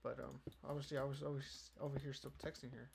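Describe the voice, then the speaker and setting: A young man hosting a casual podcast talks fast in a dark-toned, medium-pitched voice with vocal fry and little pitch movement. He rambles, swears, and says "you know" nearly every line over keyboard clicks and background noise.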